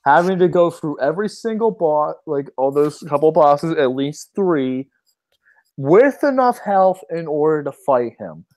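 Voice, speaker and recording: A man's voice: on the high side, lively intonation, unhurried, a little mellow. A man in casual gaming chat, easygoing and agreeable. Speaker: co-host.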